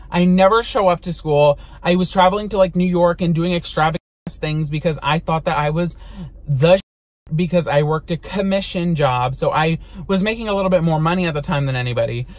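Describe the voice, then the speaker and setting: A young man vlogging from inside a car, telling a story in an animated, dramatic way and swearing now and then. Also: a little high, brisk. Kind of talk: storytime vlog.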